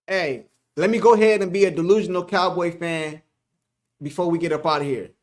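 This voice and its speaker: A man's voice: on the high side, fairly quick. A man hosting a casual sports live stream, reading the chat aloud, joking, laughing and repeating himself.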